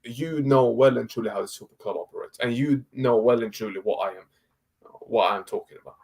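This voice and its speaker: A man with a mid-range, fairly quick voice that's gravelly, a little mellow and slightly rough co-hosts a casual football debate over an online call. He's blunt and exasperated, firing off rhetorical questions and swearing.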